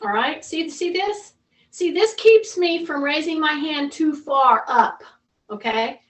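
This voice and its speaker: A woman's voice: high voice, animated, slow pace. A woman fitness instructor leading a live mobility class, giving patient, repeated coaching cues. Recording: echoey room, voice from far off.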